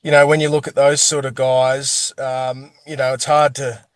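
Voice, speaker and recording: Flat-voiced male interviewer. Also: mid-range voice, moderate pace, no echo. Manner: hesitant, restarts questions. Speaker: interviewer, host. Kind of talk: casual interview questions.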